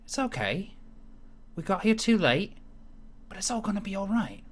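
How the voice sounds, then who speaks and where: A man voicing a kind companion who gently consoles a grieving friend in a tabletop game. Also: high-pitched, big pitch swings, normal speed, pitched above the performer's own voice. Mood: comforting. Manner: soft, reassuring.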